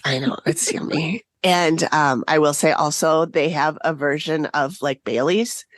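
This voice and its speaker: A woman's voice: low voice, measured pace, no echo. A woman co-hosting a casual podcast, telling a story in a chatty way and laughing often. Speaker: podcast co-host. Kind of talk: casual chat.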